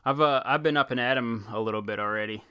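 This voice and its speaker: Rambling through casual podcast chatter full of fillers and restarts, this young male co-host speaks quickly in a mid-range voice. His tone is bright, forceful and clean, captured with studio quality and no room sound.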